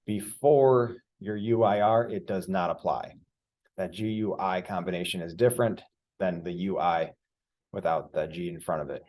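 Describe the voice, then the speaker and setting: A man's voice: on the low side, darkish tone. A man teaching Spanish verb conjugation, patiently explaining and spelling out letters one by one. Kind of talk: explaining grammar at a board.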